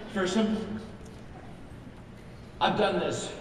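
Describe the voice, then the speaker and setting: A man's voice: high-pitched, steady tone, moderate pace, long pauses, noisy background. Older man speaking in a big echoing hall. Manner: folksy storytelling, quotes imagined audience voices. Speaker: keynote speaker. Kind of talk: motivational stage talk. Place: large event hall. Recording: echoey hall with crowd, from far off. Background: live audience laughter.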